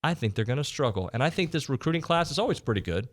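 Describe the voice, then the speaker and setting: A man's voice: mid-range voice, very animated. A man hosting a sports talk show in a studio, in casual, teasing banter with his guests. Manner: jokey, upbeat, quick to tease. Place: radio studio.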